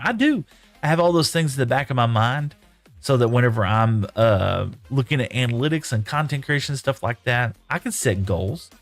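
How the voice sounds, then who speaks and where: A male game streamer talking off the cuff from his home room. He rambles in an easy, chatty way, reading viewer messages aloud and riffing on them. His voice sits at an ordinary mid pitch, and soft music plays faintly beneath him. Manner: rambling, reads viewer chat aloud and chats back. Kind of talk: casual live-stream chat while playing.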